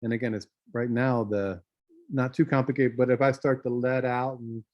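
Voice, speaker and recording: A man walks a class through design software, talking things out loosely with plenty of ums. His voice sits at an ordinary middle pitch. The recording is dry and slightly muffled. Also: moderate pace, no room sound. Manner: relaxed, thinking aloud with many fillers. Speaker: design instructor. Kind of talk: screen-share software tutorial.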